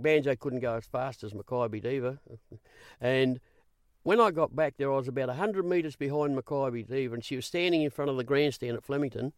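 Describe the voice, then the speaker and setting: A man with an Australian accent tells stories from his years on the racetrack as an interview guest. He keeps the tale moving with repeated "I said" and lively retold dialogue. His voice sits in a middle pitch and sounds dry and close. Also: no room sound. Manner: animated, repeats "I said" while retelling. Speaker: guest, former racing interviewer. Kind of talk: storytelling in an interview.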